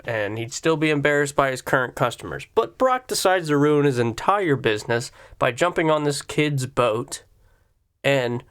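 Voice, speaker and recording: A man's voice: medium pitch, a bit bright, clear, resonant tone. A man hosting a reaction commentary, ranting sarcastically with blunt, profane remarks about a video. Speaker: commentary host.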